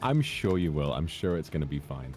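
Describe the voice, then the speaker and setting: A man's voice: very deep voice, sing-song, brisk, a little mellow, faint music behind. A British man chatting as a guest, telling rambling anecdotes. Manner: rambling anecdotes with playful put-on voices. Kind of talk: casual chat.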